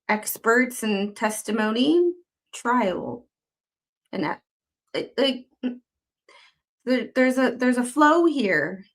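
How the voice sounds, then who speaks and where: A woman hosts a commentary channel, casually weighing in on a court filing. She's blunt, sarcastic, and swears freely, with her pitch jumping sharply whenever she's exasperated.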